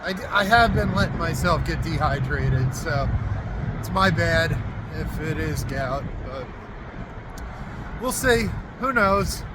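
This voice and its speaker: A man's voice: a little high, lively intonation, slow pace. A man vlogging on foot outdoors, talking in a laid-back, rambling, self-deprecating way into a handheld phone. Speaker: walking vlogger. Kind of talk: casual vlog monologue. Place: outdoors by a freeway and streets. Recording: outdoor traffic noise behind.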